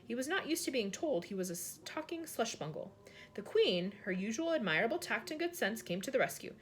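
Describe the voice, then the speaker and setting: A woman reading a children's novel aloud in an expressive storyteller manner. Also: on the high side. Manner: expressive, brisk narration.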